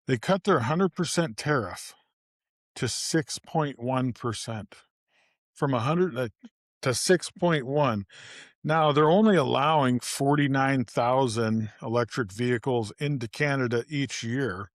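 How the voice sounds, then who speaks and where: Man calmly laying out news figures. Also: mid-range voice, unhurried, dry recording, studio quality. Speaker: podcast co-host. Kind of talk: casual political chat. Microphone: separate remote mic.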